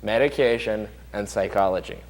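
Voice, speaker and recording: A man hosting an opinion talk show, arguing his points emphatically and rapidly. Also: on the low side, long reverb tail, low-quality recording. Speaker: show host.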